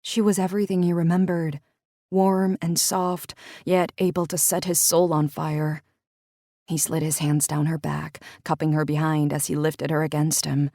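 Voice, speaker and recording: A woman narrating a romance audiobook in a measured, intimate storytelling manner. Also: low-pitched, flat delivery, mellow, no room sound, clean studio sound.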